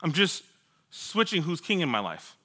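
A man's voice: fairly high pitch, wildly swooping pitch, moderate pace, sharp tone. A man preaching a sermon, telling his own testimony as a story, acting out what he once said and laughing at himself. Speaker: pastor.

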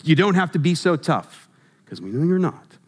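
A man's voice: on the high side, big pitch swings, moderate pace, breathy edge. A man preaching a sermon, conversational and humorous, asking his congregation questions as he goes.

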